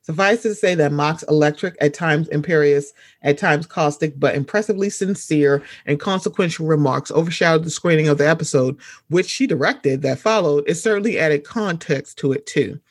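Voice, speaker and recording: A man's voice: on the high side, moderate pace, no echo, studio quality. A man reading an article aloud and breaking off to add his own emphatic commentary.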